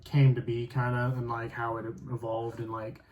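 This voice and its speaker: In casual podcast chat, a thirties-aged male co-host speaks at a medium pitch in a flat, monotone delivery with a somewhat dark tone and normal speed. He wanders around his point, leaning heavily on "like" while he searches for it.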